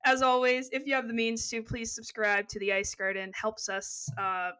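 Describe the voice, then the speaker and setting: A woman's voice: a little high, level tone, normal speed, sharp tone, clean tone. A young adult woman co-hosting a podcast, talking in a rambling, casual way with lots of fillers and asides. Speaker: podcast co-host. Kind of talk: casual chat.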